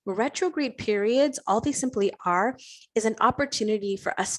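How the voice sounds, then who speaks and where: A woman hosting an astrology show, talking reflectively and asking many rhetorical questions, often adding "right?" and slowing down to stretch key words. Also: mid-range voice. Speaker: astrology podcast host. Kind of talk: reflective spiritual talk.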